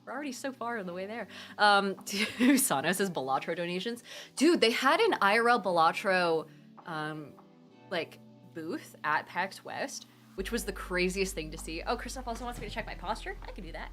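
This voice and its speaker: A woman's voice: mid-range voice, expressive, normal speed, a bit bright, faint music behind. A woman hosting a charity live stream, chatting casually and reading out her chat in a bubbly, gushing way as she thanks donors.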